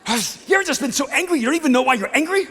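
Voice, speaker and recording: A man in his fifties preaching a sermon as a pastor, telling a story with animated swings from hushed to shouting. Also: very high voice, racing. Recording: long hall reverb.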